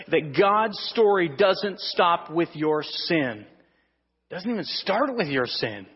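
A male pastor preaching a sermon to his congregation, swinging between loud emphasis and hushed, drawn-out lines. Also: high voice, in a large hall, muffled recording, a little hiss or hum. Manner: asks the congregation for responses. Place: church sanctuary.

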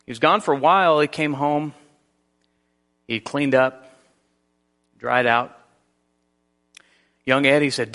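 A man preaching a sermon in a church, earnest, with slow emphatic phrases and frequent restarts. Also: medium pitch, fairly bright tone. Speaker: pastor. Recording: long reverb of a large hall.

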